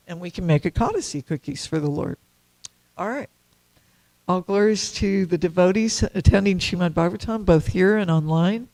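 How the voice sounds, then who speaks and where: A woman's voice: on the low side, a little mellow. A woman giving a devotional class at a temple, chatty and storytelling, laughing often.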